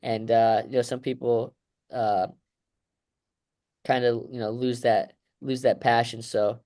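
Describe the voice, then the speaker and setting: A man's voice: medium pitch, flat delivery, measured pace, warm tone. Emotional, rambling man in an interview. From United States. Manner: emotional, rambling, heavy fillers like "you know" and "right". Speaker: guest, Olympic wrestler. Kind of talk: reflective interview answers.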